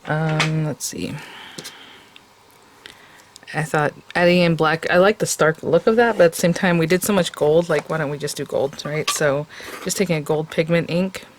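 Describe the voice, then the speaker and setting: A woman's voice: deep voice, normal speed, a little hiss or hum. A woman hosting a casual step-by-step craft tutorial, chatty and enthusiastic and talking straight to her viewers.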